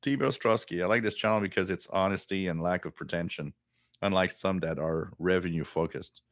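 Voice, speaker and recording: Deep-voiced man rambling on a live stream. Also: a little fast, no echo, clean studio sound. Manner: rambling, repeats words, laughs easily. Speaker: radio live-stream host. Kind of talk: casual live-stream chat reading viewer comments.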